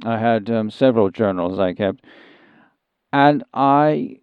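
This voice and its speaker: A man's voice: lowish voice, expressive, slow, smooth, dry recording, phone-quality sound. A man doing a dithering posh English gent. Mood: earnest. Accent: English, Sussex. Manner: hesitant, rambling, many ums and restarts; prim and genteel. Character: posh English gentleman turned country singer, fussy and dithering. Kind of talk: improvised comedy interview.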